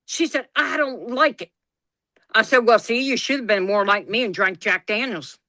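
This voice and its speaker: A woman tells a family story over casual chat. Her voice is bright and a little high, and she acts out everyone's lines and swears freely. The recording is close and dry. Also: moderate pace, no room sound. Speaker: guest storyteller.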